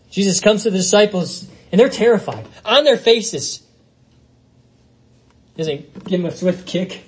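A man's voice: high-pitched, animated, moderate pace, slightly rough, poor audio. A man preaching a sermon, reading scripture aloud and working through it with rhetorical questions. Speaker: pastor.

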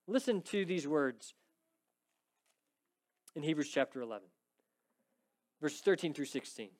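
High-voiced man preaching with rising intensity. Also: lively intonation, unhurried. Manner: emphatic, rising to pleading intensity when quoting scripture; frequent "right?" checks with the congregation. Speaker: pastor. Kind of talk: expository sermon.

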